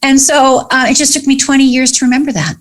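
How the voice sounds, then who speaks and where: A woman's voice: high-pitched, quick pace. A woman, a podcast guest, telling her personal story candidly and animatedly, acting out the voices of other people in it. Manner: animated, acts out dialogue in quoted voices.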